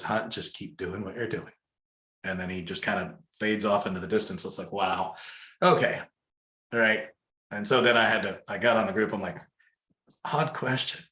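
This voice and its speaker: A man with a very low voice tells a personal story in a relaxed, casual way. He speaks softly and reflectively, pausing on fillers. The recording has a noticeably roomy echo. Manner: soft-spoken, reflective, lots of fillers. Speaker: guest telling a story.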